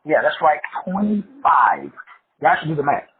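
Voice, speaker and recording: Over tinny, phone-like audio with a bit of hiss or hum, a motivational speaker from Texas talks fast in a slightly high voice with fairly even intonation. He's giving an emphatic, profane pep talk, hammering home repeated phrases.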